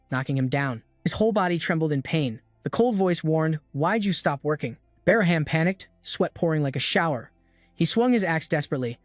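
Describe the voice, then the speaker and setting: A man reading a scripted story recap in a steady, even narrating manner. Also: on the high side, no room sound, studio quality.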